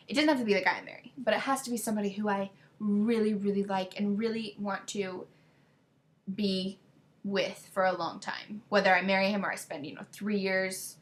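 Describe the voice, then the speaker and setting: A teenage girl from the United States, chatting excitedly to camera in a rambling, scattered way. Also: mid-range voice. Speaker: vlogger. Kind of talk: casual chat to camera.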